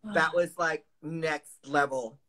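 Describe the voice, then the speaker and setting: A man's voice: fairly high pitch, fairly even intonation, slow pace, crowd noise. A man hosting a casual video call chat, playful and theatrical, teasing his guest. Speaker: host.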